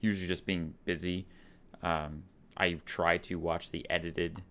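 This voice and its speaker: A man chatting casually on a podcast in a soft-spoken, low-key way. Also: flat delivery, a little slow. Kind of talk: casual chat.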